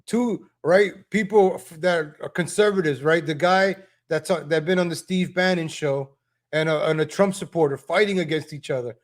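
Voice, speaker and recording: A man's voice: a little high, moderate pace. A man hosting a live stream, talking straight to viewers in a casual, scolding way with frequent "right?" tags and chuckles. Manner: repeats himself with tag questions. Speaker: live-stream commentary host.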